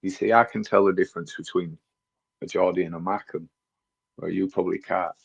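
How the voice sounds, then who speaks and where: Deep husky man, dry humour. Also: steady tone, fairly quick, lo-fi sound. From northern England. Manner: dry, teasing, wry. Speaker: co-host. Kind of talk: casual podcast banter.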